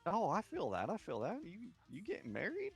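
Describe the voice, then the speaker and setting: A man playing a character in a game roleplay, talking in a slow, flirty drawl. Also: sits high, wildly swooping pitch, creaky, slightly rough, soft background music. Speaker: roleplay player.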